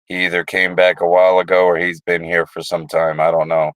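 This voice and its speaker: A man with a very low voice hosts a casual livestream, drifting from one profane story to the next. The sound is dry and close, with no room in it. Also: completely flat delivery, a little fast, a bit bright, clean tone, dry recording, low-quality recording. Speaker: livestream host.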